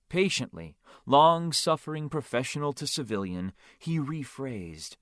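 Male audiobook narrator, first person, wry and understated, expressive pitch. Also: moderate pace, hardly any pauses, dry recording, clean studio sound.

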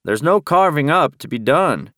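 A man's voice: fairly high pitch, sing-song, normal speed, fairly bright tone, dry recording, studio quality, pitched above the performer's own voice. A man voicing a brusque middle-aged female sheriff who growls orders impatiently. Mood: gruff.

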